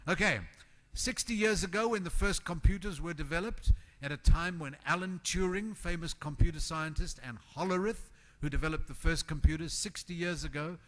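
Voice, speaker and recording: A man giving a motivational conference talk to an audience in a hall, animated and emphatic, acting out the voices of the people he quotes. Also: a little high. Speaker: conference keynote speaker.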